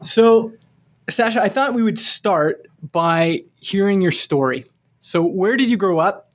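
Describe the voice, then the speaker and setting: A man's voice: sits high, lively intonation, unhurried, dull audio. A man hosting a podcast, upbeat and easy to laugh, in a casual interview. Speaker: podcast host.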